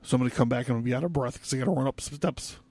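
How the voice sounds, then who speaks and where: A man's voice: medium pitch, racing, darkish tone. A young man hosting a casual history podcast, rambling loosely with lots of fillers and asides. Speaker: podcast host.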